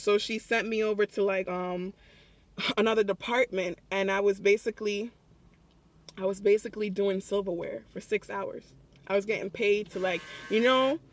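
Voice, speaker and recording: A young man telling a story to his phone camera in a public place, excited and chatty, often breaking into laughs. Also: sits high, dry recording. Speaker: vlogger. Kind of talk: casual vlog storytelling.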